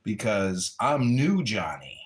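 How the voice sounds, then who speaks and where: A man's voice: lowish voice, big pitch swings, slow pace. Rambling wry man. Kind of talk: casual chat.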